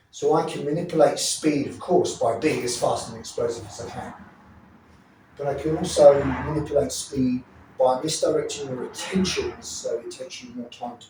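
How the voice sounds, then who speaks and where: Recorded from a distance in an echoey space, a man with a medium-pitched, slightly mellow voice walks through self-defense techniques. He's blunt and swears freely, often checking that the listener is following. Faint ambience and a little hiss or hum sit in the background.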